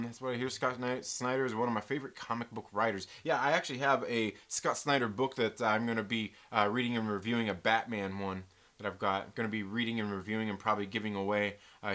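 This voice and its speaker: A man's voice: lowish voice, bright, forceful tone. A man hosting a casual live stream from home, chatting and reading out viewer messages with a loose, joking manner. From American West Coast. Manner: chatty, reads out viewer messages and jokes around.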